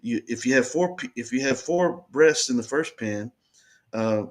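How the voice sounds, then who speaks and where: Man telling his side of a run-in, earnest, keeps repeating himself, regular mid pitch. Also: lively intonation, normal speed. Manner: earnest, insistent, repeats himself while explaining. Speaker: person recounting an incident. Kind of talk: first-person storytelling.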